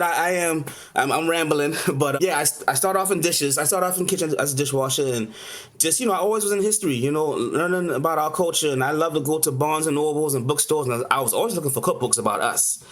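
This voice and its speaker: A man's voice: on the high side, fast. Rambling chef in his forties. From Charleston, South Carolina. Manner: rambling, lively, lots of "you know". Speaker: chef, interview guest. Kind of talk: casual interview storytelling.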